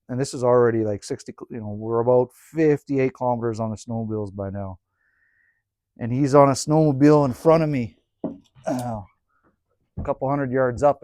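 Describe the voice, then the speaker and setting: Close to the mic by a woodstove, a cabin vlogger casually tells a story, laid-back and swearing freely, growing animated as he retells it. His voice is mid-range on a dry recording.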